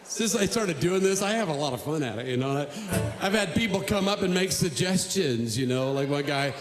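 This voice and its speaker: A man's voice: fairly high pitch, lively intonation, a little fast. A male singer-songwriter on a live stage, telling rambling jokes between songs. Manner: rambling, joking storyteller. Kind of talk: comic concert patter between songs. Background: acoustic guitar.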